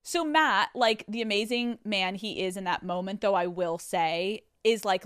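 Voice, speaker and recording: A woman podcast host telling a story in a solo episode, animated and swearing freely as she acts out what others said. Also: medium pitch, moderate pace, hardly any pauses, clear, resonant tone, no room sound. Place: studio. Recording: dry studio sound.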